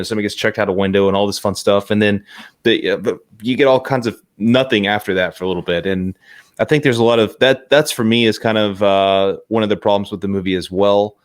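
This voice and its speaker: A man hosting a movie review podcast, talking casually in an animated, rambling way with lots of fillers. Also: lowish voice. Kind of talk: casual chat.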